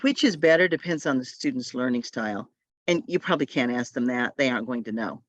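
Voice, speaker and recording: A woman's voice: extremely low pitch, lively intonation, fast talker, dry recording. Woman trainer, chatty and advice-giving, over a dull lo-fi call line. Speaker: literacy tutor trainer. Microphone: video call.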